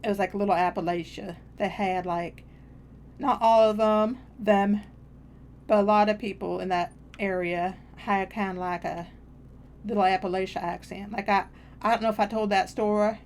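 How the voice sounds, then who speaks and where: A woman's voice: medium pitch, steady tone, normal speed, a little mellow, slight background noise. A woman streaming a game, chatting casually in a meandering, self-deprecating way. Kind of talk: casual rambling chat while gaming.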